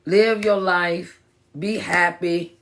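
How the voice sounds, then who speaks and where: A woman's voice: lowish voice, fairly even intonation, slow pace, fairly bright tone. A woman who is a motivational speaker and minister, talking casually on a phone live stream, repeating herself for emphasis and greeting viewers by name. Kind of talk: live-stream pep talk.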